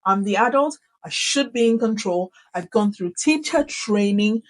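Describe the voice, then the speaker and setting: A middle-aged woman teacher talks to camera about keeping order in a classroom, her voice sitting at an ordinary middle pitch. She is animated and emphatic, leaning hard on key words and repeating short phrases to drive each point home. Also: normal speed, low-quality recording. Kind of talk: instructional talk to camera.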